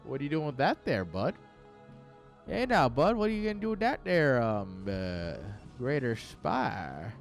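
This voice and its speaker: Nosy spaceship figure with a mock Canadian drawl, neighborly and prying, put on by a male caster; mid-pitched, faint music underneath. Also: very animated, unhurried, vocal fry.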